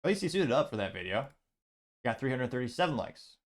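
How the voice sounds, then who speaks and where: A man's voice: mid-range voice, big pitch swings, fairly quick. A man hosting a show, casually reading online comments aloud and adding dry asides. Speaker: show host.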